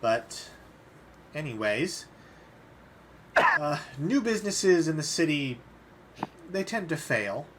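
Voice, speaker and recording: A man playing a large, shrewd male goliath businessman who speaks in a smooth, measured sales patter. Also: on the high side, very animated, heavy background noise. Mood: smooth menace.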